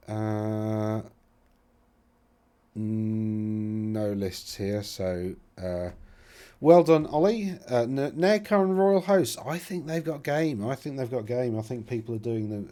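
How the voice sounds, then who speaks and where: A man's voice: fairly low pitch, mellow. A man hosting a casual commentary, rambling and thinking aloud with self-deprecating asides as he browses results. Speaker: host.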